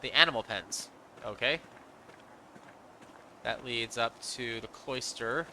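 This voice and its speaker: A man thinking aloud in low-key, casual commentary while playing a story game, in a noisy home recording. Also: slow, bright, forceful tone. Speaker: let's play gamer.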